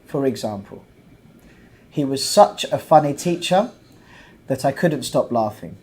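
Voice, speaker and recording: A man teaching an English grammar lesson, explaining points slowly and patiently, with many example sentences. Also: mid-range voice, expressive, a little mellow.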